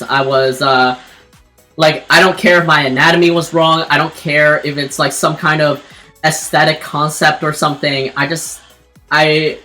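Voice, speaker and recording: A woman streamer and artist tells a personal story while drawing, chatting casually and rambling with lots of fillers and restarts. Her voice sits low, with a bright, forceful tone.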